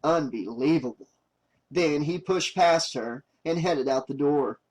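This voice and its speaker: A man reading a horror novel aloud as an audiobook narrator, steady and plain. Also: a little high, a little slow, rough recording.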